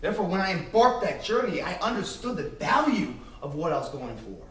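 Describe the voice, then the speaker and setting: This invited speaker, a man, gives a motivational speech to an audience, telling stories bluntly, profanely and with emphasis. His high voice swings widely in pitch at a slightly fast pace, picked up by a distant mic with roomy sound and faint noise.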